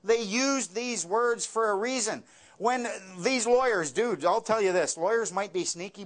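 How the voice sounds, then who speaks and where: A man tells stories to an audience in a wry, joking way, landing his punchlines dry. His speaking voice sits high for a man. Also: fairly bright tone. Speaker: speaker giving a talk. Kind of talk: storytelling talk with jokes.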